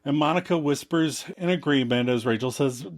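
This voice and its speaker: A man's voice: medium pitch, normal speed. A man co-hosting a podcast, narrating the scene and acting out the quotes in casual recap chat. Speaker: podcast co-host.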